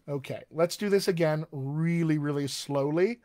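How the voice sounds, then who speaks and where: A man, a dialect coach, teaching a live-streamed voice lesson, chatty and encouraging, slowing right down to lead repeat-after-me drills. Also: fairly high pitch, a little mellow.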